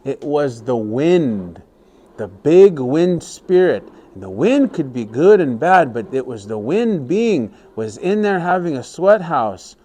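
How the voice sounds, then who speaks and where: A man telling a story to a class of young children, animated and often asking them questions. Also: fairly high pitch, slow.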